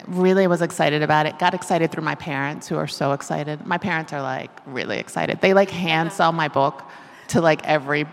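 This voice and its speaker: A woman's voice: deep voice, fairly quick, a little hiss or hum. A middle-aged woman, an author, speaking thoughtfully in a conversational interview and laughing often. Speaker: author guest. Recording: long reverb of a hall.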